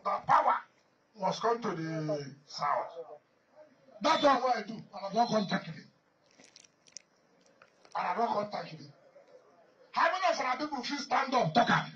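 High-voiced Nigerian man, distant and muffled. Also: big pitch swings, a little slow, long pauses, a bit bright, slight background noise. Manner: emphatic, repetitive, rambling. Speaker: politician addressing a gathering. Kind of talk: off-the-cuff public speech.

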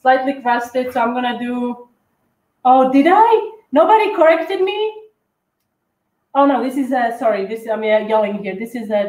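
A woman's voice: a little high, a little mellow. Chatty woman decorating cookies, echoey room. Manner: halting, many fillers and restarts. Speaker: cookie decorating livestream co-host. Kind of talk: casual tutorial chat while decorating.

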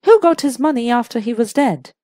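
A woman's voice: on the high side, animated, a little fast, dark tone, no echo, studio quality, lightly acted. A woman doing a blunt, puzzled young actress.

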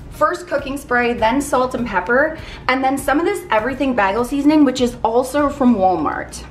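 A bubbly, excited woman hosts a casual cooking vlog, her voice bright and high. She talks in quick eager bursts. The room around her is echoey, with faint music behind her. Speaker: vlog host.

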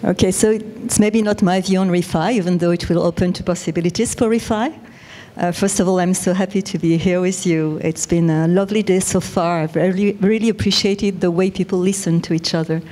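A woman with a French accent giving a measured, explanatory conference talk. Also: lowish voice, steady tone, warm tone. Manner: measured, explanatory, with self-corrections. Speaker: conference speaker.

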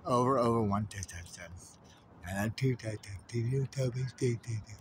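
A man's voice: mid-range voice, moderate pace, slight background noise. A man in a rambling monologue, muttering strings of numbers and codes to himself. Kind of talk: stream-of-consciousness monologue.

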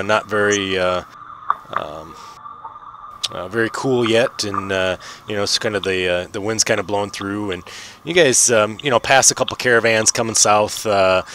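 A male game master narrating a tabletop session over a home mic, his voice a bit low and bright-edged. He rambles through the scene with frequent ums and uhs. Light hiss sits under the voice. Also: normal speed. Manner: rambling, many fillers.

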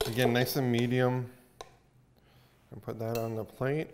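A man's voice: mid-range voice, flat delivery, unhurried, background noise. A man hosting a casual cooking show, chatting upbeat while he cooks in a kitchen.

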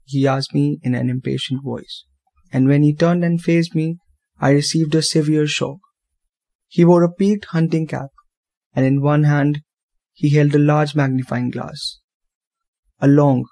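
A man narrating a first-person story for students in a measured, expressive manner. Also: a little high.

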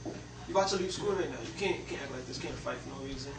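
A young man playing a nervous student who tries to calm a friend down, stammering and pleading. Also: a little high, very fast, lightly acted. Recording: roomy, distant, noisy.

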